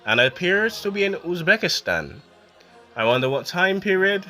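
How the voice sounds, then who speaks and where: A man's voice: high-pitched, big pitch swings, normal speed, bright, forceful tone, soft background music. A man hosting a loose, self-mocking history narration, stumbling and correcting himself as he goes. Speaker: channel host. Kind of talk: casual improvised history narration.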